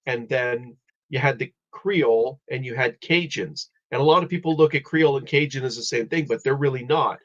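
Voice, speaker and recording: Hosting a live stream, a man rambles casually through history, restarting often. His mid-range voice moves at a moderate pace, and the lo-fi audio sounds dull.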